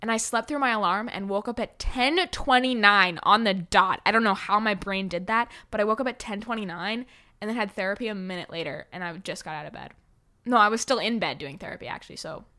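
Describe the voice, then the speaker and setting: A woman's voice: mid-range voice, fairly quick, bright, forceful tone. A young woman hosting a casual solo podcast, rambling and self-deprecating as she chats. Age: young adult. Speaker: podcast host.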